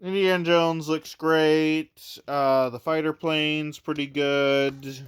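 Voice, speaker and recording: A man talks through his toy haul at home in a casual, rambling way. His voice is smooth and clear, and he speaks slowly. He stops and restarts often, filling the gaps with uh and um. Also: a little high, fairly even intonation. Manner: rambling, hesitant, with many fillers and restarts. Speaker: toy collector reviewer. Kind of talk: casual unboxing review.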